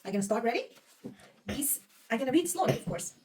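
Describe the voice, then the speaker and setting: A woman's voice: sits high, sing-song, very fast, darkish tone, slightly rough, distant mic. A woman teaching a young pupil to read Arabic, patiently quizzing her and praising right answers. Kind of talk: one-on-one reading lesson.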